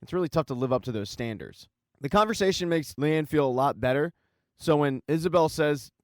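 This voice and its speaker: A man's voice: fairly high pitch, lively intonation, fairly quick, no echo. Man narrating a TV recap, dry. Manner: wry, dry asides. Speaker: TV recap host.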